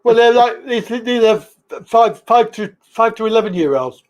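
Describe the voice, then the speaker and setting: A man's voice: very high-pitched, lively intonation, normal speed, darkish tone, muffled recording. A man hosting a casual livestream chat, giving blunt, emphatic opinions. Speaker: livestream host.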